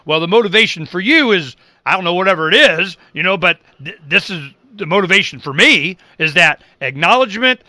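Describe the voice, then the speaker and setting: A man's voice: sits high, animated, brisk, hardly any pauses, sharp tone, no echo. A middle-aged man hosting a political talk show, speaking emphatically and acting out the people he quotes. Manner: emphatic, acts out quoted people, repeats words when worked up.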